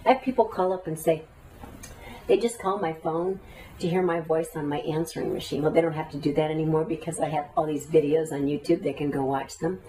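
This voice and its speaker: A woman's voice: deep voice, fairly even intonation, brisk, dark tone, distant mic, low-quality recording. A woman teaching a class, talking earnestly and at length and guiding the listeners through breathing exercises. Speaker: meditation teacher.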